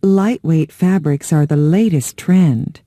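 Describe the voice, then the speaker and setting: Woman voicing a breezy shop clerk; very dark tone, dry read. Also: deep voice, takes it slowly, no room sound, faint music behind. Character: breezy female shop clerk, trend-minded.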